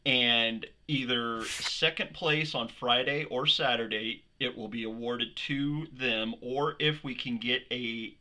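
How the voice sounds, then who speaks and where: A man chats easily as he comments on a poker stream, laughing along with his co-host. His voice sits in an ordinary middle range. The audio carries steady background noise. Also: medium pitch. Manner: relaxed, chatty, laughs often.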